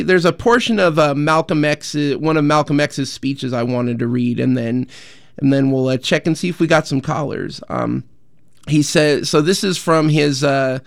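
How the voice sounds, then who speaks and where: A man hosting a call-in radio show, speaking earnestly and haltingly with many fillers and restarts. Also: on the high side, vocal fry, dry recording, studio quality. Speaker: radio host. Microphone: studio microphone.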